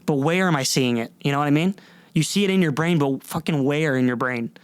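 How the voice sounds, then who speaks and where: Young guy rambling on his podcast, kinda high voice, goofy rants, super dry close mic. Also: brisk, clean tone, dry recording. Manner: rambling, animated, mocks people in silly voices. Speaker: podcast host. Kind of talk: rambling comedic monologue. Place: warm room, downstairs.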